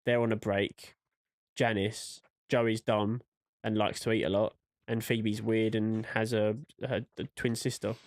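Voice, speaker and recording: A man's voice: lowish voice, little pitch movement, unhurried, dry recording, studio quality. A man co-hosting a podcast in casual chat, rambling and acting out quotes as he goes. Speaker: podcast co-host.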